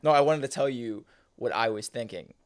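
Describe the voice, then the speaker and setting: A young man co-hosting a casual podcast, telling a story with lively reenacted dialogue and cursing. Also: medium pitch, brisk, no echo. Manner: animated, reenacts dialogue, swears. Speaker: podcast co-host.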